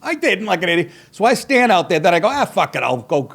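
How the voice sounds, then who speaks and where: A man's voice: sits high, sing-song, fast talker, hardly any pauses, fairly bright tone, breathy edge. A middle-aged man hosting a podcast, telling a rambling comic story full of swearing and self-mockery, with wry asides and bursts of laughter. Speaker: podcast host. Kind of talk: profane comedic monologue.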